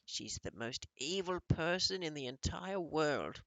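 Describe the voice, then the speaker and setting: A man's voice: a little high, lively intonation, a little slow, creaky, a bit bright, dry recording, voice pushed up, full character voice. A man voicing a loving elderly grandmother. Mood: tender.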